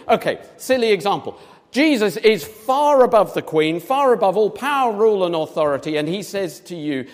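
A man preaching a sermon, animated, acting out little scenes in different voices as he reads and explains. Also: high voice, fairly quick. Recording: long reverb of a large hall.

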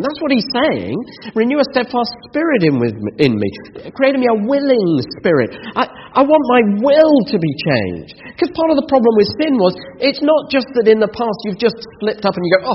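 Guy preaching a sermon, lively up and down voice, earnest, long echo, dull lo-fi sound. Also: high-pitched, normal speed, a little hiss or hum. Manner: earnest, rising emphasis and rhetorical questions. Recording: dull lo-fi sound in a reverberant hall.

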